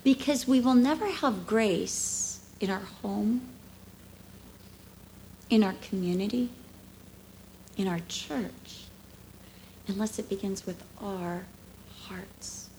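A woman in her fifties giving a conversational sermon at church, telling emotional stories with lively swings from hushed to animated. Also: medium pitch, takes it slowly, pauses often, slight background noise, low-quality recording. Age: 50s. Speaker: speaker at a church.

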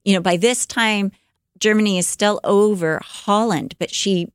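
A woman's voice: mid-range voice, a little slow, clean tone, dry recording. Storytelling woman with a dry sound. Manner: animated storyteller, fillers, acts out quotes. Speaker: podcast co-host and storyteller. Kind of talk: casual retelling of a life story.

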